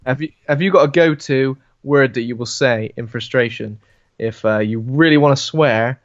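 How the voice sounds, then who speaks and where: A man's voice: mid-range voice, moderate pace, no echo. A man co-hosting a podcast, chatting casually and telling playful, teasing jokes. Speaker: podcast co-host. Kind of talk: casual film chat. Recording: dry, dull lo-fi sound.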